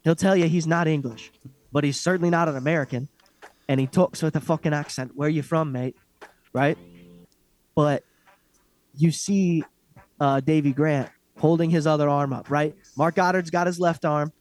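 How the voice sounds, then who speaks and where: A man's voice: fairly high pitch, a little fast. A man co-hosting a casual fight recap chat, ranting bluntly and swearing a lot. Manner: blunt, profane, animated ranting. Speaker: podcast co-host.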